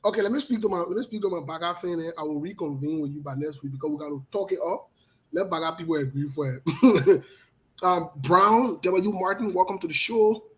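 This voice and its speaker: A man's voice: fairly high pitch, fairly quick, a bit bright, poor audio. A man hosting a live online talk show, greeting viewers by name and speaking bluntly and passionately.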